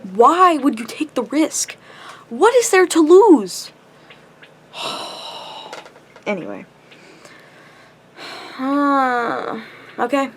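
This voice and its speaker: A young woman with a high voice vents to her camera in a long, impassioned rant. She sounds tired and up too late, and her frustration spills out in constant swearing. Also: slight background noise. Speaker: vlogger. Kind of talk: ranting to camera.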